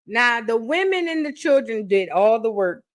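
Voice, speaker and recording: A woman's voice: a little high, sing-song, moderate pace. A woman hosting a reaction video, giving fired-up commentary in a fiery, emphatic, profane way.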